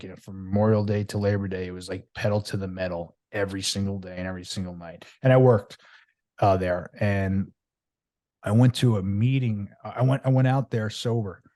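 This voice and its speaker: A middle-aged man from Long Island speaks, his voice very low and dark. He tells his story in a rambling, lively way, full of fillers and restarts. The recording is dry and close. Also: no room sound. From Long Island, New York. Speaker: podcast guest. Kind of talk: candid storytelling interview.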